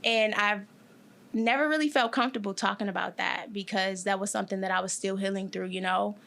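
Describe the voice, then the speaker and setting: Young woman talking openly in an interview, bright voice, lots of ums and pauses, gets emotional. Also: medium pitch, steady tone, creaky. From Detroit, USA. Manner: emotional, candid, halting with fillers. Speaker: guest. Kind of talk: personal interview.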